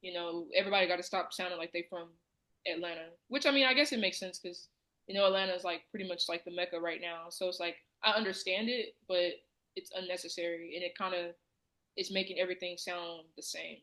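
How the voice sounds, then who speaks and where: A woman's voice: fairly low pitch, steady tone, fast talker, fairly bright tone, rough recording. A woman from the American South, co-hosting a podcast in casual chat, talking loosely with plenty of fillers. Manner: chatty, many fillers. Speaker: podcast co-host.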